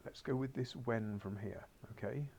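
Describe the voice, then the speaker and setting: A man's voice: mid-range voice, normal speed, creaky, darkish tone, a little hiss or hum. A man teaching a beginners' Spanish class, coaxing his pupils along with wry asides and muttered whispers, heard in a school classroom.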